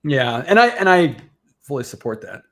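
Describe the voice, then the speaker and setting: A middle-aged man chatting as a podcast guest, telling lively stories and laughing often. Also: medium pitch, moderate pace. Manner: animated storytelling, laughs often. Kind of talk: casual chat.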